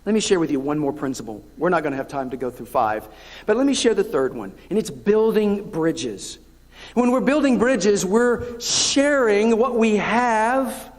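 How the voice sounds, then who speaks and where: A pastor with a Southern US accent and a high, expressive voice preaches a conversational sermon at normal speed in a church sanctuary, acting out the voices of churchgoers. The local TV broadcast carries the long reverb of the church hall.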